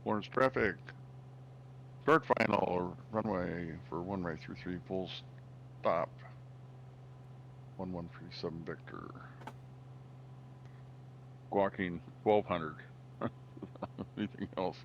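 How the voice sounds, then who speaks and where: A man's voice: deep voice, takes it slowly, creaky, pauses often, dull audio, slight background noise. A man making radio calls and chatting casually with a flight-sim streamer, mostly in short, easygoing replies. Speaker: co-player in a flight simulator stream.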